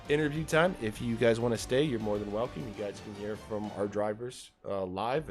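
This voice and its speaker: A man commentating a sim racing league and interviewing drivers, casual, laughing and swearing freely, at a home streaming setup. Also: fairly low pitch.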